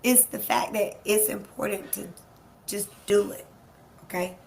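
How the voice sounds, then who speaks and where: Her medium-pitched voice is steady, a little slow and a little mellow, with some vocal fry. As host of a live-streamed motivational session, this life coach drives her points home by repeating key phrases and talking straight to listeners. Quick to laugh, she banters with those in the room.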